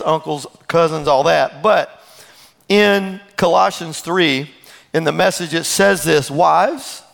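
Man, pastor, sermon, animated with asides, high voice, gravelly, big hall reverb. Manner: animated preaching with laughs and asides.

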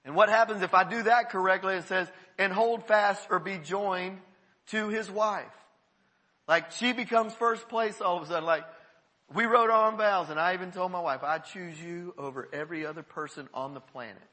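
A man's voice: high voice, normal speed, pushed and bright, big-room sound. A man, a pastor, preaching a sermon in a conversational, emphatic way to his congregation. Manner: conversational preaching, emphatic, breaks into quoted voices.

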